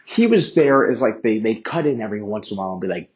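A man's voice: a little high, huge pitch swings, brisk, hardly any pauses, a little mellow, poor audio. A man hosting a casual solo sports podcast, rambling, swearing freely and mocking himself as he goes. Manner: rambling, profane and self-mocking; chatty, with many fillers and restarts. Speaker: podcast host.

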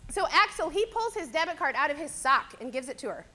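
Young woman teacher, high voice, bright tone, giving a chatty church talk. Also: fairly quick. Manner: chatty, animated storyteller. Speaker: teacher speaking to a church audience. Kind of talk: personal sermon-style talk.

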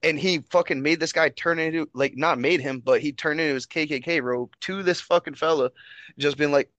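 Swearing, animated man in casual chat. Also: fairly high pitch, fairly quick, dry recording, lo-fi sound. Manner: heavy swearing, animated storytelling. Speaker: podcast host.

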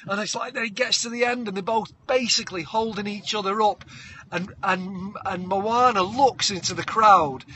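A man, co-hosting a podcast and spinning an animated comic story, breaking into shouted character voices and hummed tunes. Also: high voice, normal speed, slight background noise. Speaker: podcast co-host.

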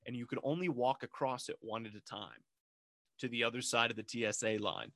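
Male podcast co-host, loose rambling storyteller, average pitch, dry close sound. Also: brisk, gravelly, a bit bright, dry recording. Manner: rambling storyteller, acts out quotes. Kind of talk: casual chat.

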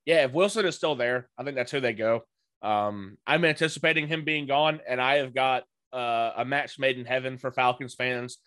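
A man's voice: medium pitch, normal speed, fairly bright tone, no room sound. Man with dry, hesitant analytical talk. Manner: analytical, hesitant, many filler words. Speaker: podcast co-host, football draft analyst. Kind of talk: casual podcast chat.

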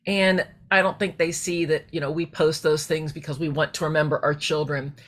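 A woman's voice: low voice, flat delivery, fairly quick. A middle-aged woman hosting a faith-based personal podcast, talking in a heartfelt, rambling way that wanders off on tangents. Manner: rambling, heartfelt, digressive, with restarts. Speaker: podcast host.

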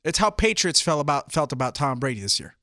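Male co-host, laid-back sidekick, bright tone. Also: on the high side, fast, no echo, clean studio sound. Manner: brief interjections, relaxed and joking. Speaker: podcast co-host. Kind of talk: casual wrestling chat.

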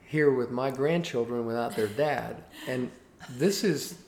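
An earnest man in his sixties tells his life story as a guest in an interview. His voice is mid-pitched and gravelly. The room is echoey, with a faint hiss behind him. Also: unhurried. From Cuba. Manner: earnest, animated anecdote telling. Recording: roomy echo with faint background hiss.

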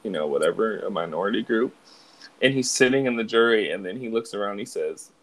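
A man's voice: on the low side, expressive, a little fast, rough recording. A young man co-hosting a podcast, retelling scenes in a laid-back, casual way. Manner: laid-back storytelling with fillers. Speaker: podcast co-host. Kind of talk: casual chat.

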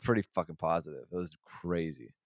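Low-voiced profane storytelling man. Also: a little fast, no echo, clean studio sound. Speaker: podcast co-host. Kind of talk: casual storytelling chat.

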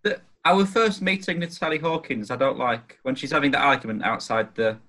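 A man's voice: medium pitch, fairly quick, sharp tone. A man co-hosting a podcast, chatting casually about a film, hesitant and reading from his notes. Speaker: podcast co-host. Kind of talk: casual film review chat.

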